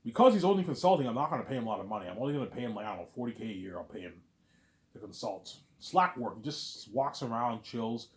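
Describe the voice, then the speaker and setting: A man's voice: medium pitch, expressive, fast talker. A man ranting casually in a rambling, repetitive way, swearing often and saying "man" a lot. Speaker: vlogger.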